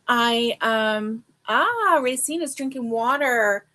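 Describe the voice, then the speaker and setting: On a laid-back crochet stream, the host talks to viewers in a fairly high, expressive voice that sounds pushed and bright. She goes slowly, seems a bit sleepy, and chats on and on with lots of fillers.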